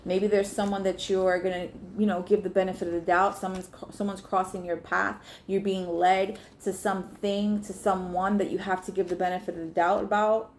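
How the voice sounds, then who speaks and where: A woman's voice: mid-range voice, flat delivery, brisk, few pauses, a little hiss or hum. A woman giving a casual, chatty tarot reading, swearing freely and talking straight to her viewers. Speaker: tarot reader.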